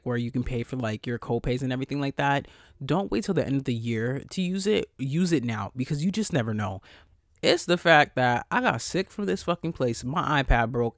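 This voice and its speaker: A young man hosting a podcast, telling a story in a casual, animated, profane way with sassy quoted asides. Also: mid-range voice, no room sound, studio quality. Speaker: podcast host. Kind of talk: casual solo podcast talk.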